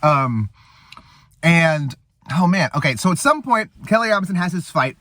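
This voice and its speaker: A man's voice: fairly high pitch, lively intonation, normal speed, bright, forceful tone. A man hosting a casual show, recapping a movie in a rambling way with fillers and swearing. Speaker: host.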